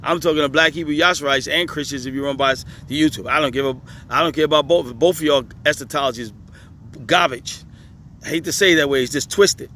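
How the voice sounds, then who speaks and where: A man's voice: on the high side, fast talker, sharp tone, slight background noise. Emphatic man reading questions outdoors. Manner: laughing, emphatic, talks back to the page. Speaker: religious commentator. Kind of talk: reading questions aloud with commentary. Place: outdoors on a hot day, traffic nearby.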